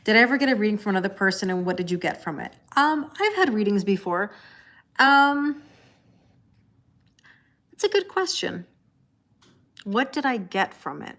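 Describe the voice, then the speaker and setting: A woman's voice: medium pitch, very animated, normal speed, pauses often, fairly bright tone. A middle-aged woman hosting a casual livestream, chatting to viewers and reading their comments aloud, laughing often and repeating her phrases. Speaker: tarot reader livestream host.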